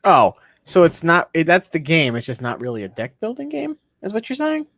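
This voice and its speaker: A man's voice: on the high side, huge pitch swings, brisk, gravelly, a bit bright, no echo. Male co-host, laid-back explainer, reads text aloud; dry close recording. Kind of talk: casual chat.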